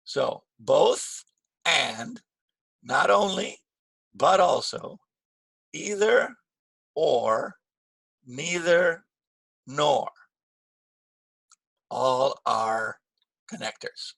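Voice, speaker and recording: A man teaching an English grammar lesson, slow and patient, repeating key phrases with stress. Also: on the high side, lively intonation, gravelly, fairly bright tone, breathy edge, dry recording.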